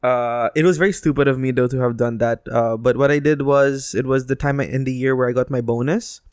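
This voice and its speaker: A man's voice: mid-range voice, steady tone, brisk, a little mellow, clear, resonant tone, dry recording, clean studio sound. Man co-host telling a story, hesitant. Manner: storytelling, hesitant with many uhs. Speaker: podcast co-host. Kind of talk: casual chat.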